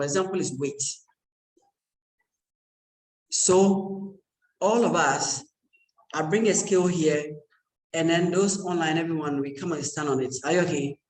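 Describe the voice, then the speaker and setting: A man giving a university lecture in a classroom, conversational and joking, checking in with his students again and again. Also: a little high. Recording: echoey lecture room.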